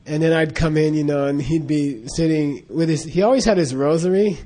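A man's voice: a little high, fairly quick, mellow. Rambling man telling a story. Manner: rambling, many fillers and restarts, laughs often. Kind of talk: casual anecdote telling.

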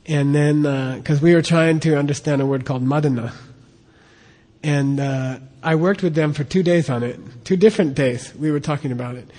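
A man's voice: on the high side, moderate pace, mellow, big-room sound. A man teaching a class in a casual, chatty way, often checking in with "okay?" and repeating himself. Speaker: teacher of Tibetan and Sanskrit texts.

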